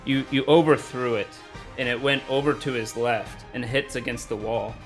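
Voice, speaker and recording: A man narrating as game master of a tabletop game, relaxed and halting, chuckling often. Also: medium pitch, soft background music. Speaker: dungeon master.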